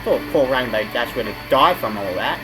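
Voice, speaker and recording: A man's voice: medium pitch, expressive, normal speed, music in the background, low-quality recording. An Australian man hosting a reaction video, groaning and exclaiming in outrage at what he watches. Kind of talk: casual reaction commentary.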